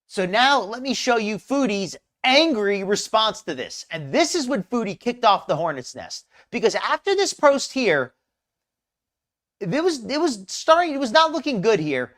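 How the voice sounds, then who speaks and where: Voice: mid-range voice, big pitch swings, normal speed, fairly bright tone. A host of a live commentary show who talks in a rambling, chatty way and greets viewers in the chat. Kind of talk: casual live-stream commentary.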